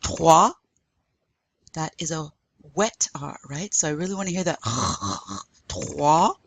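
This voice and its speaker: A woman's voice: low-pitched, fairly quick, dry recording. A woman teaching a recorded French lesson, spelling words letter by letter and drilling pronunciation patiently. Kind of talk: recorded online lecture.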